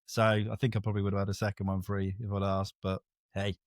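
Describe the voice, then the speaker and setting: A man, co-host of a podcast, chatting casually and telling an animated story in which he acts out other people's lines. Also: fairly low pitch, quick pace, no room sound, studio quality. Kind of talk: casual chat.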